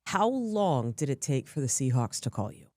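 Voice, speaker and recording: A woman's voice: a bass voice, very animated, normal speed, warm tone, no echo, clean studio sound. A woman hosting an interview, asking conversational, leading questions. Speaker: host.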